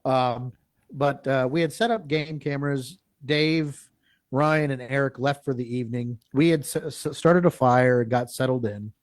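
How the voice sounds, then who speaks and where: The speaker, a man with a mid-range voice talking a little slowly, recorded without room sound, is a live-interview guest spinning a long field tale. He performs people's words animatedly and keeps breaking off to start his sentences over.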